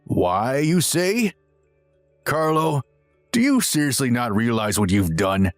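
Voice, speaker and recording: Stern cold father played by a man, firm measured rebukes, dry sound, faint music. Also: mid-range voice, sing-song, no room sound. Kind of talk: dramatized text-message story.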